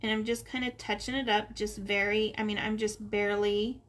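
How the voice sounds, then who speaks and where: A woman's voice: medium pitch, flat delivery, normal speed, a bit bright. A middle-aged woman in her home office, chatting unhurriedly as she gives step-by-step coloring instructions. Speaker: art instructor. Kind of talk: relaxed coloring tutorial.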